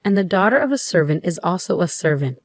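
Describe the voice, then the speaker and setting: A domineering old mother-in-law, voiced by a woman, who treats her son's wife as a servant. Her voice sits low and her scolding is relentless and cold. It is recorded close and dry, with no room around it. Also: very animated, quick pace, no echo. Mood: ranting. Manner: scolding, commanding.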